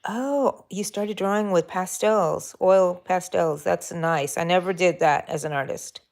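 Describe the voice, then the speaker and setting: Texan lady crocheting on a live, lowish gravelly voice, chats to herself and the viewers. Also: unhurried, darkish tone. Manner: chatty, talks to herself and viewers while working. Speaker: crochet livestream host. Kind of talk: casual crochet tutorial chat.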